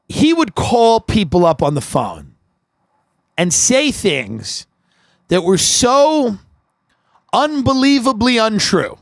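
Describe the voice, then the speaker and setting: A man, a comedian hosting his podcast, tells a rambling comic story full of quick asides and laughter, recorded on an outdoor deck. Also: sits high, no echo.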